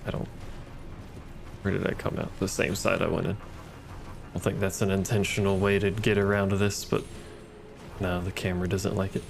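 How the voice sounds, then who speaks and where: Dry, gravelly man muttering over game music. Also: low voice, flat delivery, normal speed, pauses often. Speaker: gaming streamer. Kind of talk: casual gameplay commentary.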